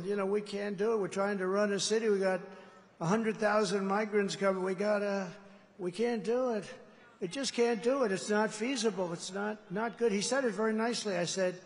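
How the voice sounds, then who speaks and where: Boastful man at an echoing arena rally. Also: sits high. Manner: rambling, boastful, digressive. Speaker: political candidate. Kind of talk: rally speech. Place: large indoor arena. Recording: long arena reverb.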